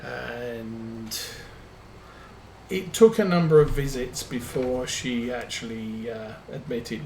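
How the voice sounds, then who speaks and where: Slow, rambling man streaming a game. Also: medium pitch, darkish tone, a little hiss or hum. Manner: rambling anecdotes with many ums. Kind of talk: casual chat while playing a farming game. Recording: roomy echo.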